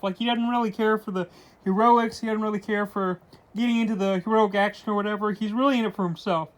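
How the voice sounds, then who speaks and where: Casual male comic reviewer, high-pitched, loose rambling delivery, quotes the characters in his normal voice. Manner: rambling retelling full of "like" and "uh"; paraphrases characters' lines in his own voice.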